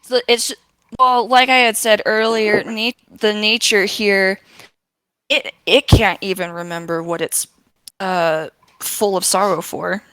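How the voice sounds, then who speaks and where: Woman, game master, slow pace, smooth clear tone, dry close sound, hesitant delivery. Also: medium pitch, steady tone, pushed and bright, no echo, rough recording. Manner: halting, lots of ums and restarts. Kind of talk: narrating a tabletop game.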